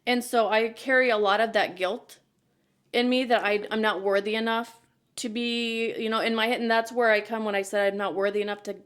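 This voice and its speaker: A woman's voice: a little high, fairly even intonation, brisk, a bit bright. Candid, earnest woman podcast host. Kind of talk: casual chat.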